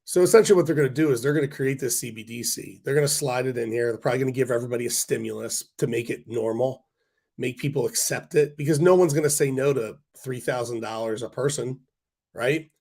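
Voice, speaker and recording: A man ranting to his livestream viewers in a loose, rambling way, blunt and quick to swear. His voice is worn out and congested, as if he is losing it, and he is in mid-range pitch. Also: darkish tone. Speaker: stock market livestream host. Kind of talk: casual livestream rant to viewers.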